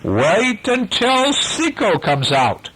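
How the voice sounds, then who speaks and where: A man voicing a gruff pirate who growls his refusals in a bedtime story. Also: medium pitch, sing-song, normal speed, a little hiss or hum, voice pushed up, poor audio. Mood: scared. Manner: growling, loud.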